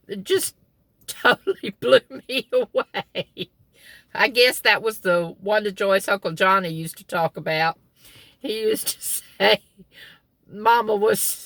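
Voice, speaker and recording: Woman, middle-aged, bright clear voice, folksy storyteller, chuckles, dry close sound in a car. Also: medium pitch, dry recording. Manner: folksy, chuckling while telling stories. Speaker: vlogger. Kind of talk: casual storytelling.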